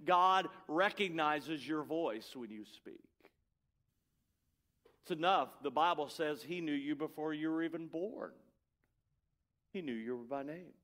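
Middle-aged man, pastor, slightly raised pitch, emphatic sermon with hushed drops. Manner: emphatic preaching with repeated refrains, dropping to soft, quiet endings.

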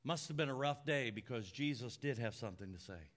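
A male pastor preaching a conversational sermon, often dropping soft and low for emphasis. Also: lively intonation, brisk.

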